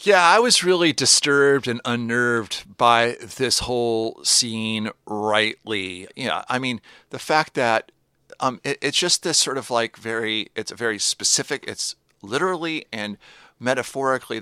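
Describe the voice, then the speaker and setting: Bright-voiced man in casual podcast talk. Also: mid-range voice, a little slow, clear, resonant tone, no echo. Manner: laughing, animated retelling of scenes. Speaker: podcast co-host.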